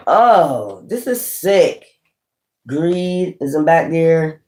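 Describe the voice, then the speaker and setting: Profane, animated male tarot reader. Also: fairly high pitch, very slow. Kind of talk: casual tarot reading.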